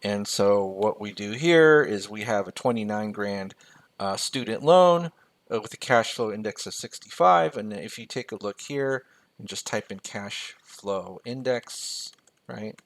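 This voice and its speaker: A man's voice: on the low side, expressive, measured pace. An American-raised man mentoring on personal finance, walking through a spreadsheet in a loose, joking way and reading numbers aloud as he types them. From United States. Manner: casual and jokey, reading figures aloud as he types. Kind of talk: screen-share spreadsheet tutorial.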